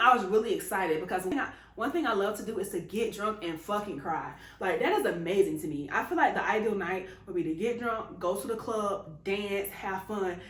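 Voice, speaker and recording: A young adult woman telling a casual, profane story to her viewers as a vlogger, laughing often as she talks. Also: mid-range voice. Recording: echoey room.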